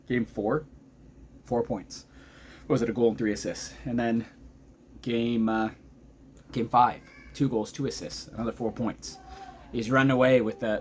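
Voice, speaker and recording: A man in his thirties recaps a hockey game in a chatty vlog. His voice sits at an ordinary middle pitch, and his delivery is excitable and rambling. He often stops mid-sentence to hunt for a detail, and a faint hiss runs under the recording. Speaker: vlogger, hockey fan. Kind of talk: casual game recap commentary.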